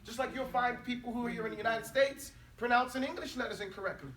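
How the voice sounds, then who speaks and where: A man with a very high, sharp voice teaches a classroom, pressing students on their pronunciation with blunt, emphatic corrections. He stands well back from the mic, and the room rings with echo. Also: fast talker. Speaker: Arabic teacher. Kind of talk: classroom pronunciation drill and lecture. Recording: echoey classroom, mic far off.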